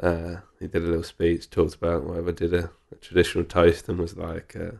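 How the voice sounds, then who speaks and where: Gravelly low-voiced laid-back Englishman. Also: completely flat delivery, fairly quick, a little mellow. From England. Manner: laid-back, chatty, says "mate" and "quality". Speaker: bar owner guest. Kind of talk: casual podcast chat.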